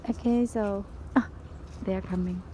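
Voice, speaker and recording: A woman's voice: medium pitch, steady tone, normal speed, dark tone, rough recording. Woman coaxing stray animals outdoors. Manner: simple non-native English, coaxing baby talk to animals. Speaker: animal rescuer feeding strays. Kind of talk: casual vlog commentary. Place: outdoors at a pagoda. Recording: outdoor background noise.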